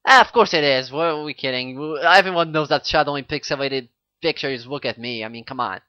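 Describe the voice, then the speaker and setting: A woman's voice: quick pace, dry recording, dull audio. A woman co-hosting a game playthrough, chatting casually and joking while reading lines aloud. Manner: playful, jokey, switches to shrill put-on cries.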